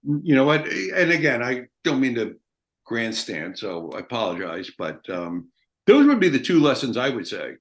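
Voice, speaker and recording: A man's voice: medium pitch, big pitch swings, moderate pace. A middle-aged American man, an army veteran guest in an interview, talking in a blunt, emphatic way and swearing freely. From United States. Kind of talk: casual interview talk.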